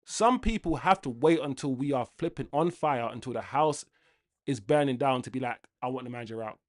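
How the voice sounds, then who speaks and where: A man's voice: medium pitch, normal speed. A young man hosts a fan livestream and rants angrily to his chat in a casual way. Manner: angry, ranting, lively with laughs.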